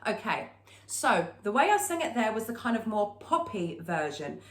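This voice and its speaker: A woman's voice: mid-range voice, big pitch swings, normal speed, reverberant. A woman teaching a singing lesson, explaining technique and breaking into short sung demonstrations.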